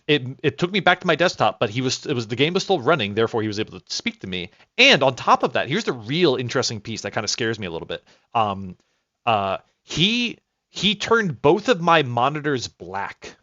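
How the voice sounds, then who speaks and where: A man streaming a game with casual, rambling commentary, excitable, with restarts and swearing. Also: mid-range voice, dry recording. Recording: dull lo-fi dry mic.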